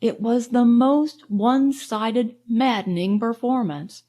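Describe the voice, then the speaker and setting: This is a fairly high-pitched female narrator performing an audiobook with careful pacing and expressive storytelling.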